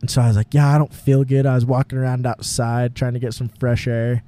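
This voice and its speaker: A man's voice: mid-range voice, level tone, fairly quick, dark tone. A young man co-hosting a podcast, telling a long rambling story in casual chat, full of fillers and laughing often. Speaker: podcast co-host. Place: home garage.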